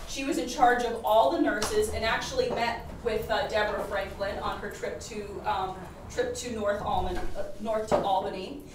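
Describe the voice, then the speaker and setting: A woman's voice: medium pitch, fairly even intonation, normal speed, hardly any pauses. A woman presenting on history to a live audience, chatty with many fillers, laughing often and losing her voice. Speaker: podcast host and presenter. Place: historic house presentation room. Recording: very echoey room, distant mic, faint noise.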